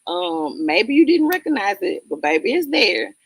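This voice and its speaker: A woman's voice: mid-range voice, big pitch swings, normal speed, gravelly, husky, no room sound. A woman from the Southern United States with a Southern accent, hosting a casual livestream and bluntly answering her chat, laughing often. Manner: blunt, talks straight to chatters, laughs often. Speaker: livestream host reading chat.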